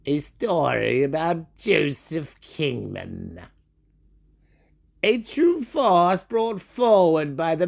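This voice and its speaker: A man telling a story as a theatrical monologue, swinging between a bright sing-song voice and low sneering tones and calling out to imagined listeners by name. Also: vocal fry.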